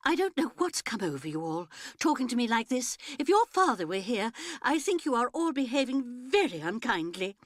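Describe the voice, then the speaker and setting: A woman's voice: lowish voice, huge pitch swings, a little slow, fairly bright tone, no echo, studio quality, heavily acted. A woman doing a prim, scolding mother. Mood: tearful. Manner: scolding and self-righteous. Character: middle-aged mother, prim, self-pitying, indignant.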